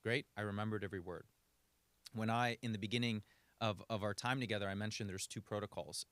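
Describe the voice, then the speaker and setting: Male communication coach, lowish voice, dry close mic, illustrative podcast advice. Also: fairly bright tone, clear, resonant tone, no room sound. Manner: coaching, illustrative, varies speed for demonstration.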